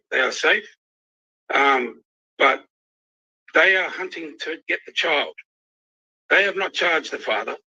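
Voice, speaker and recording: A man's voice: mid-range voice, pushed and bright, slightly rough. An angry, emotional Australian man ranting on a livestream, swearing constantly. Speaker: youth worker ranting on a livestream. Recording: dull lo-fi livestream audio.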